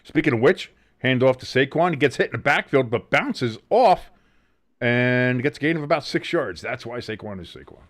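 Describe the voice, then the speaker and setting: Lively New Jersey man calling plays. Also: medium pitch, moderate pace. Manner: excited play-by-play with swearing and jokes. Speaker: watch-along host. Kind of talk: casual live game commentary.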